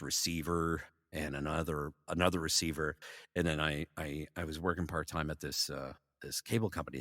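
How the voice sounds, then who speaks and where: A middle-aged male voice actor telling animated stories in a casual interview, full of fillers. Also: extremely low pitch, no echo, clean studio sound, long reverb tail. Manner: animated anecdotes, frequent fillers and laughs. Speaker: voice actor guest.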